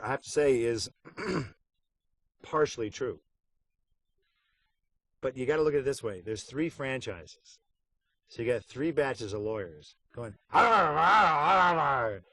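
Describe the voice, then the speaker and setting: A man's voice: mid-range voice, moderate pace, pauses often, dry recording. A middle-aged man in a casual behind-the-scenes interview, talking wryly and joking about voice work. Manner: wry, joking, puts on silly voices for anecdotes. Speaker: voice actor interviewed about a game.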